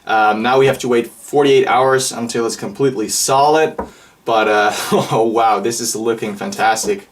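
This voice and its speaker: A man's voice: mid-range voice, moderate pace. A man narrating a hands-on restoration in a hot room, muttering, sighing and straining while he works. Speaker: vlogger restoring a helmet. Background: background music.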